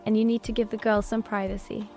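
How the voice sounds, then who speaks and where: A regal ancient queen, as a woman reader puts her on, calm and quietly commanding. Her voice stays level and flat in pitch, with soft music underneath. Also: quick pace, natural voice. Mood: composed.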